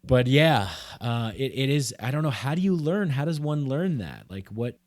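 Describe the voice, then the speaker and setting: A man's voice: mid-range voice, expressive, moderate pace, no room sound, clean studio sound. A man hosting a podcast, talking in a loose, rambling way full of "like" and "you know". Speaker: podcast host. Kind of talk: casual conversation.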